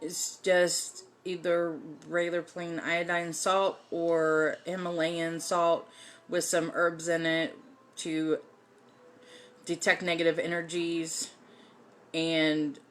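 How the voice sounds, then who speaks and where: A woman's voice: on the low side, level tone, slow pace, a bit bright. A woman hosting a casual livestream lesson on folk magic, talking in a chatty way with many "um" fillers. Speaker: host teaching folk magic.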